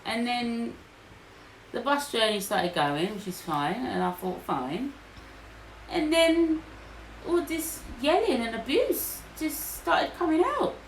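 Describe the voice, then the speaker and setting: A woman's voice: a little high, slow. A woman co-hosting a podcast, telling a story in casual chat and acting out what other people said. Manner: animated, acts out quotes. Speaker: podcast co-host. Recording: echoey room, faint noise.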